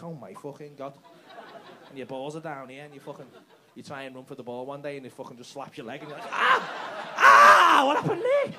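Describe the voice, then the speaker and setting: A man doing brash, sweary stand-up crowd work in a comedy club. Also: fairly high pitch. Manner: brash, sweary banter with the audience. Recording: live club with loud crowd laughter.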